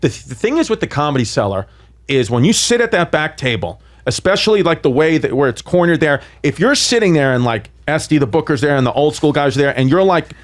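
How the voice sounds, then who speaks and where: A man chatting casually on a podcast, telling stories with shouted impressions. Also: a little high, fast talker. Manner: animated storytelling with loud shouted impressions. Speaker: comedian guest. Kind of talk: casual chat.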